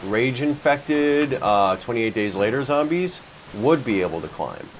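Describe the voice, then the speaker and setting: A man hosting a podcast, telling stories in a relaxed, joking way and poking fun at himself. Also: medium pitch, a little slow, slight background noise, low-quality recording. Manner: chatty storyteller, jokes about himself. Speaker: podcast host. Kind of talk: casual chat.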